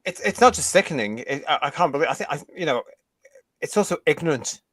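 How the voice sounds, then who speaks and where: Man from the UK, fairly high voice, heated indignant chat, dry close sound. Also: animated, fast, a bit bright, slightly rough, dry recording. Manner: ranting, indignant, swears mildly. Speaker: podcast co-host.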